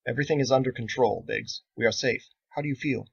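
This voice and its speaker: A man voicing a young woman sniper leader who speaks in a stiff, formal way and calls out loudly. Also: medium pitch, quick pace, vocal fry, slightly rough, muffled recording. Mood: reassuring. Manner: stiff formal diction, loud commanding calls.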